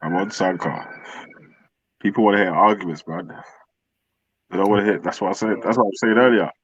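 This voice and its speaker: A man's voice: low-pitched, a little fast, fairly bright tone, breathy edge, no echo. A man in casual podcast chat, teasing and laughing a lot. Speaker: podcast co-host. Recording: dull lo-fi audio.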